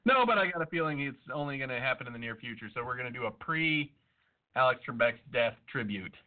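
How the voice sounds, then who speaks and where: A man's voice: mid-range voice, animated, a little fast. A man hosting a podcast, trading crude, irreverent jokes in casual banter. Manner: irreverent, profane, joking. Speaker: podcast host. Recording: tinny phone-like audio.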